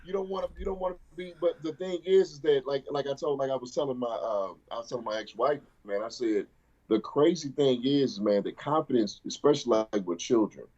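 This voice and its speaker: A man's voice: medium pitch, fairly quick, a little mellow, muffled recording. A man co-hosting a podcast, talking in a rambling, profane way with many restarts. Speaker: podcast co-host. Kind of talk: casual podcast chat.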